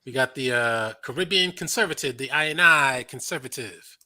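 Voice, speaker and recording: A man's voice: medium pitch, normal speed, bright, forceful tone. A man hosting a casual online panel, chatty and joking with callers. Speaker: panel host.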